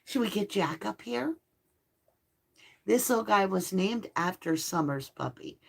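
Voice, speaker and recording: A woman's voice: medium pitch, lively intonation, unhurried, creaky. A middle-aged woman hosting a live tarot stream, chatting casually with viewers and cooing baby talk at her dogs.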